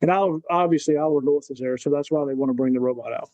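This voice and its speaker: A man with a fairly high but mellow, warm voice tells war stories on a podcast. He slips into the voices of the people in his stories as he goes. The sound is dry and close. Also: very fast, no room sound, highs cut off. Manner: animated storyteller who acts out quotes. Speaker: podcast guest, Marine veteran. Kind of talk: casual storytelling.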